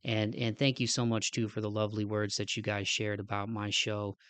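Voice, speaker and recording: A man's voice: lowish voice, completely flat delivery, normal speed, fairly bright tone, smooth, no room sound. A man hosting a podcast, a casual outro, with a nasal, stuffed-up voice, a little out of breath, talking in an earnest, rambling way and often adding "man.". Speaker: podcast host.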